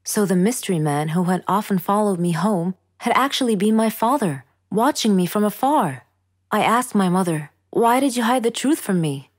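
Female story narrator, middle pitch, calm, measured scripted delivery.

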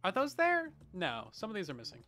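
Over soft background music, a male game streamer with a high, pushed, bright voice and huge pitch swings talks a little fast into his headset mic. He chats casually, hums while he builds, mutters to himself, and reads out chat names to thank viewers.

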